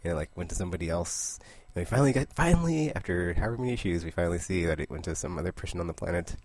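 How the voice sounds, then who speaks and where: A man casually recapping a comic book issue, rambling, laughing often and slipping into quick character voices. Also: sits low, animated, darkish tone, no echo. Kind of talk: casual comic review monologue.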